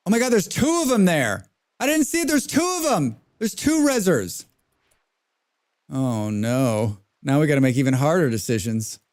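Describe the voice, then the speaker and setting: A man with a slightly higher-than-usual voice streams a game live. He talks in a loose, chatty way, drifting into rants and thanking viewers between moves. The delivery is casual and unscripted. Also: very animated, normal speed, a little mellow. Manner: chatty, ranting, reads out chat names. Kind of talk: casual live-stream commentary while playing.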